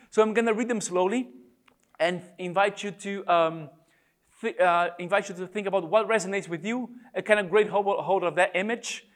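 A man preaching a reflective devotional talk on prayer, speaking in a halting way with many pauses and restarts. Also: on the high side, a bit bright.

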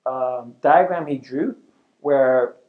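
A middle-aged man who leads a youth ministry, giving an animated, conversational talk to youth workers in front of a live audience. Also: mid-range voice, slow, phone-quality sound.

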